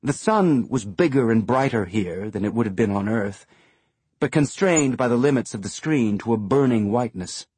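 A man narrating a science-fiction audiobook in a measured, even storytelling manner. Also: mid-range voice, husky, no room sound.

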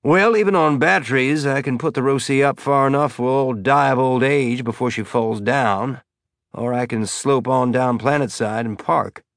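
A man voicing an easygoing male pilot with a slow, exaggerated Southern drawl. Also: medium pitch, no echo, studio quality, lightly acted. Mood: wry. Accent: Southern US drawl, put on.

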